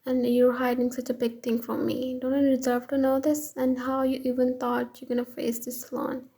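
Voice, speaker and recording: A woman's voice: high-pitched, completely flat delivery, normal speed, mellow, slightly rough. Woman reading as an intense possessive boyfriend. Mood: pleading.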